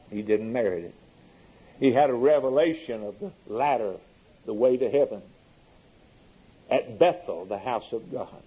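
A man's voice: medium pitch, mellow, breathy edge, low-quality recording. A man preaching a sermon in an earnest way, his voice rising sharply for emphasis.

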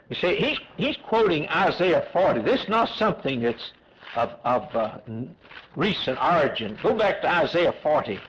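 A man's voice: a little high, muffled recording. A man preaching a sermon with an emphatic, repetitive cadence, asking and then answering his own questions.

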